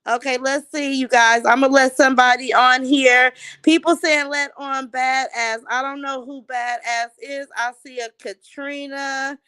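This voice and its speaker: A woman's voice: high-pitched, fairly even intonation, a little slow, hardly any pauses, pushed and bright, smooth, dry recording. A woman hosting a casual live stream, chatting easily with callers and backing them up. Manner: easygoing, affirming callers with slang.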